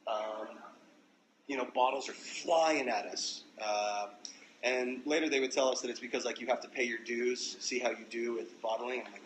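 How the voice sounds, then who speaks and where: Young man, mid-pitch, casual profane storyteller on a phone livestream, light background noise. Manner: loose, profane, animated storytelling. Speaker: musician livestreaming to fans.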